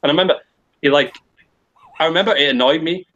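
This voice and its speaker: A man's voice: fairly high pitch, fast, fairly bright tone, dull audio. A man on a podcast telling a long, rambling story, swearing often and restarting his sentences. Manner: rambling, profane, frequent restarts. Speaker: podcast co-host. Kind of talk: casual storytelling.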